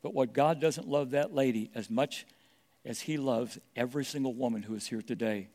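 A man's voice: medium pitch, normal speed, darkish tone. A middle-aged man preaching a sermon, stressing his points and repeating key phrases. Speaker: pastor.

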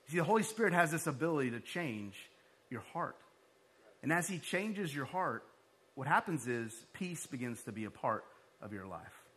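Male pastor, high bright voice, sermon, chatty storytelling delivery. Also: normal speed, husky. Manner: conversational storytelling, animated when excited.

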